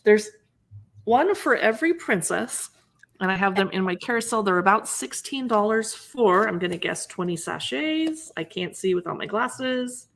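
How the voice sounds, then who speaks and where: A woman hosting a casual livestream, chatty and animated, showing products and joking about herself. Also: medium pitch, normal speed, vocal fry. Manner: chatty, animated, self-deprecating. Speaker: livestream host. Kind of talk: casual product showcase chat.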